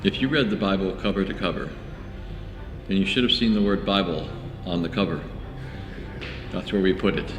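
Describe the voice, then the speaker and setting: Matter-of-fact man, lowish voice. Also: fairly bright tone, roomy sound, long reverb tail. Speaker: apologist answering a question. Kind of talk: calm explanatory answer.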